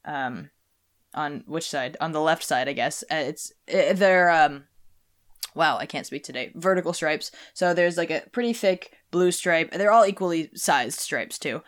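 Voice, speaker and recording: A young woman with a lowish voice chats casually as a podcast host. She rambles, stumbles and restarts her sentences, with plenty of fillers. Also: unhurried. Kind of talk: casual chat.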